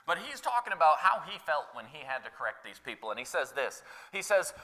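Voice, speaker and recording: A man preaching a sermon in a church, in a loose, conversational way, full of "you know" and "like" and quick laughs. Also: high voice, sing-song, sharp tone.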